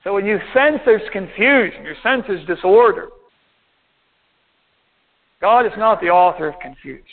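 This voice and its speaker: Reading out verses one by one and unpacking each, a high-voiced pastor preaches to his congregation with lively intonation. He slows down whenever he hits a key point, and the thin, tinny sound resembles a phone line.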